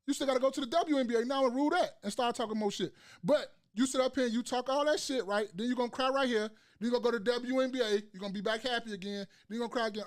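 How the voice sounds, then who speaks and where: A man hosting a casual podcast chat, ranting emphatically with slang and profanity and repeating phrases for emphasis. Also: very high voice. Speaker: podcast host.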